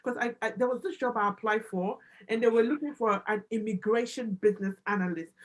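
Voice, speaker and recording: A woman in her thirties who works as a business analyst and immigration adviser speaks excitedly as a guest on a livestream, often repeating herself for emphasis. Her voice is fairly high-pitched, and the recording is rough.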